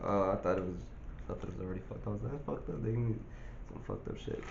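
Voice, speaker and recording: A man's voice: deep voice, steady tone, very fast, vocal fry, darkish tone, muffled recording, slight background noise. A young man in casual vlog chat, laid-back and full of profane street slang, filmed on a phone. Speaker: vlogger.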